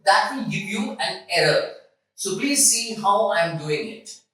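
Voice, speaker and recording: Test prep tutor, emphatic and repetitive, bright tone, distant echoey recording. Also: mid-range voice, animated, measured pace. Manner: emphatic, repeats key points, asks rhetorical questions. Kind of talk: classroom-style lesson explanation. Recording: echoey room, mic far off.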